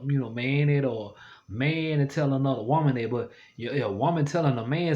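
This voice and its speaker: A man telling stories casually to the camera, chatty and animated, rambling and laughing often. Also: medium pitch, normal speed, muffled recording. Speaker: vlogger.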